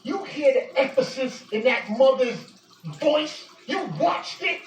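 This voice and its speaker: Woman, high-pitched, heated accusing rant, roomy echo, distant mic. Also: expressive, takes it slowly, lo-fi sound, slight background noise. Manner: heated, accusing, repeats insults, sometimes shouts. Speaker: vlogger addressing a public figure. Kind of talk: angry direct-to-camera rant. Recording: echoey room, distant mic.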